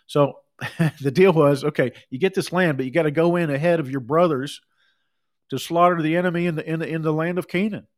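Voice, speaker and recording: A middle-aged man preaching a sermon, reading scripture and breaking off into conversational asides and quick acted quotes. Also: on the high side, steady tone. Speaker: pastor.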